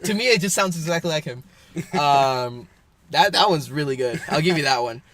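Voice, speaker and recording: A young man chats as a podcast co-host, his voice high and swinging widely in pitch. He rambles with fillers and restarts and breaks into laughter often, and his tone is bright. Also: expressive, normal speed. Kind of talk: casual chat.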